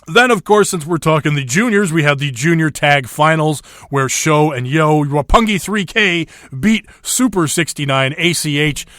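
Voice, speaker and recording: A man's voice: fairly high pitch, fairly bright tone, no room sound, clean studio sound. A man hosting a wrestling podcast, chatting casually with fillers and swearing freely. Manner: laid-back, swears freely, frequent fillers and laughs. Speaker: podcast host.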